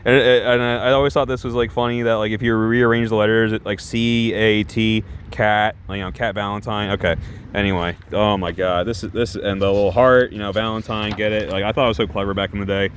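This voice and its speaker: A man's voice: fairly low pitch, level tone, brisk, a little hiss or hum. A man streaming live, chatting casually in a rambling, self-conscious way with many restarts. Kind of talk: casual livestream chat.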